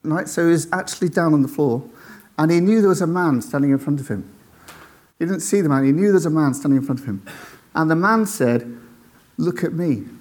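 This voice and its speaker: A man tells a faith story to an audience, animated and acting out the voices of the people in it. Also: fairly high pitch, fast. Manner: animated, acts out quoted voices, checks in with "right?".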